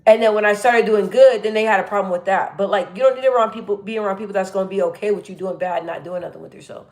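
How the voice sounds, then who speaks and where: A woman live-streaming, reading chat comments and talking bluntly and energetically, with a naturally deep voice she lifts a little. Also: racing. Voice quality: naturally deep voice, pitched up a bit. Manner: chatty, blunt and energetic, full of fillers and restarts.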